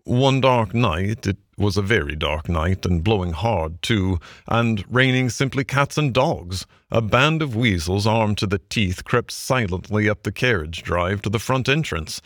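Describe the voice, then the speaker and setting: A man narrating a classic children's story in a measured, expressive reading. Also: lowish voice, no echo, studio quality. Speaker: audiobook narrator.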